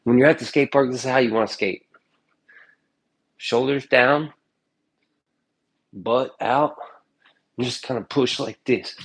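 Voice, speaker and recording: A man's voice: medium pitch, steady tone, measured pace, long pauses, slightly rough. A man chatting casually in his kitchen in a vlog, joking and swearing loosely. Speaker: streamer. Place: home kitchen.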